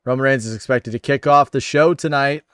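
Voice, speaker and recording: A male livestream host with a clear, resonant, mid-range voice and a fairly bright tone chats fairly quickly, upbeat and friendly, as he reads viewer comments and thanks viewers by name. The studio sound is clean, with no room sound.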